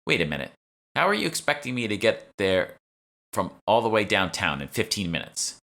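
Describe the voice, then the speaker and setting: A man's voice: on the low side, sing-song, moderate pace, pushed and bright, voice pushed up, heavily acted. A man voicing a young woman game developer who asks dry, wry questions.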